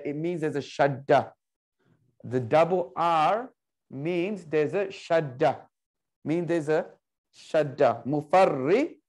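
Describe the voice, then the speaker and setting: A man teaching an Arabic class online, playful and coaxing, repeating words slowly for his students. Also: a little high, darkish tone.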